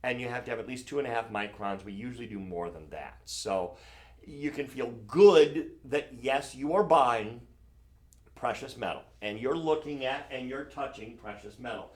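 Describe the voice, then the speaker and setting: A man's voice: mid-range voice, lively intonation, moderate pace. A man hosting a live shopping stream, selling jewelry in a chatty, enthusiastic way and correcting himself as he goes. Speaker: shopping channel host.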